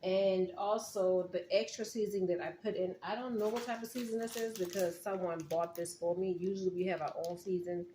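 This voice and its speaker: A woman's voice: mid-range voice, steady tone, fairly quick, hardly any pauses, mellow, slight background noise. A woman from South Carolina, chatting straight to her viewers in a casual cooking vlog. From Charleston, South Carolina. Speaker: cooking vlogger. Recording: echoey room with faint ambience.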